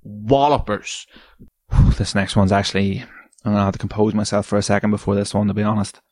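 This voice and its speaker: A man hosting a podcast, sweary and exasperated, ranting and climbing into high shouts. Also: monotone, quick pace, no room sound, studio quality. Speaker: podcast host. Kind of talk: ranting comedic podcast segment.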